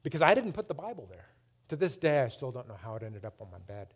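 A man preaching a personal testimony, emphatic, swinging between loud and hushed, often repeating his words. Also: mid-range voice, very animated, fast talker.

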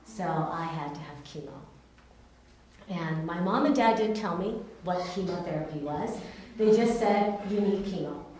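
A woman's voice: on the low side, measured pace, darkish tone, a little hiss or hum. A woman earnestly recounting her own experience in short, plain phrases. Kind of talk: personal storytelling. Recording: very echoey room, voice far from mic.

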